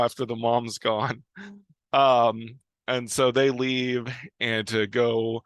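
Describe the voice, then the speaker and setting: A man's voice: medium pitch, flat delivery, measured pace, no echo. An American man casually recapping a TV episode, rambling with lots of fillers and restarts and frequent chuckles. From United States. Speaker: video host.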